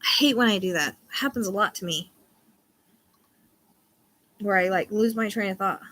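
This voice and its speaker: Female livestream host, psychic chat, bright tone, loose and rambling delivery. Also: medium pitch, normal speed. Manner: rambling, often loses her train of thought; laughs easily between thoughts. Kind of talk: casual live-stream chat.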